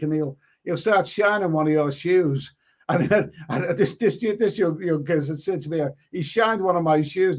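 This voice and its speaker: A man's voice: on the high side, darkish tone. A man hosting a live stream, chatting casually and reading out viewer comments, often stumbling and repeating words. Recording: lo-fi stream audio.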